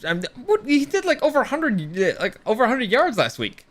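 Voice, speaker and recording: A man co-hosting a casual sports podcast, excitable and argumentative, swearing freely. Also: very high-pitched, brisk. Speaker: podcast co-host.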